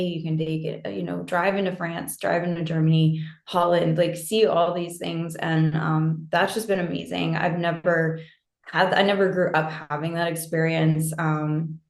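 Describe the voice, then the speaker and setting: A woman with an American accent from New Hampshire, a guest talking casually and warmly on a video call, laughing easily with many ums. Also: lowish voice, flat delivery, normal speed, vocal fry, roomy sound. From New Hampshire, USA. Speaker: guest, fitness coach. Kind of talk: casual interview chat.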